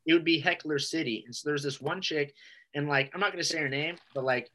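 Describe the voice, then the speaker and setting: A man's voice: fairly high pitch, fast, pushed and bright, rough recording. A male stand-up comedian telling stories in a loose casual chat, swearing often and filling gaps with "like". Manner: loose, swearing storytelling with many fillers.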